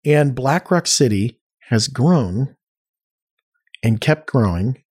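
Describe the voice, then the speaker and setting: Male guest telling rambling, animated stories in a relaxed chat. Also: medium pitch, slow pace, breathy edge. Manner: rambling, animated storyteller with many restarts. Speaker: podcast guest. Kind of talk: casual storytelling chat.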